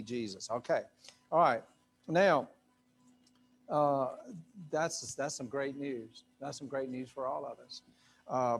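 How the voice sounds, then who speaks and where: A male pastor preaching to a live congregation in a loose, conversational way, full of fillers and asides. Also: mid-range voice. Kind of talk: sermon. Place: church sanctuary with a live congregation.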